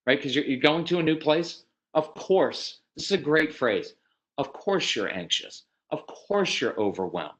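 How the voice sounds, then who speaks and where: A man's voice: fairly high pitch, low-quality recording. A man giving parenting advice over a video call, talking conversationally and loosely, sometimes with his eyes closed, and now and then acting out a parent or a child. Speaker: parenting speaker.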